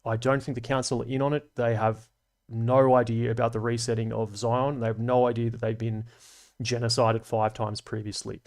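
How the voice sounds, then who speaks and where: A man's voice: mid-range voice, flat delivery, normal speed, darkish tone. A man with an Australian accent hosting a casual livestream, reading viewer comments aloud and answering them in a chatty, analytical way with dry asides and slang. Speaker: livestream host.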